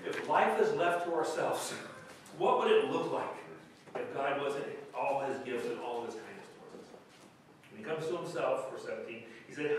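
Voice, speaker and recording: A man, the pastor, preaching a sermon in a conversational, animated way, with bursts of emphasis and quiet asides, recorded in a church. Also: mid-range voice, normal speed, a little hiss or hum. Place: church sanctuary. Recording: echoey church hall mic from a distance.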